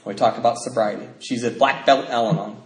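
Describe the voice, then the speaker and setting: A man's voice: mid-range voice, fairly even intonation, brisk. A middle-aged American man telling his recovery story to a meeting, acting out voices and laughing often. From United States. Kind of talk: personal testimony talk. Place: convention hall. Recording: roomy hall sound, faint noise.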